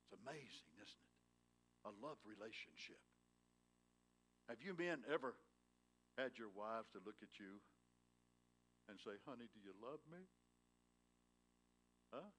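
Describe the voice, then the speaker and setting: A male pastor preaching a sermon in a church, swinging from loud, emphatic lines to hushed, tender ones and prodding his congregation with questions. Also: on the low side, animated, measured pace, long pauses, slightly rough. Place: church sanctuary.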